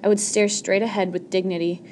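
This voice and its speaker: A woman's voice: mid-range voice, little pitch movement, brisk, darkish tone, a little hiss or hum. A woman narrating an audiobook chapter in the first person, reading steadily with a few small slips.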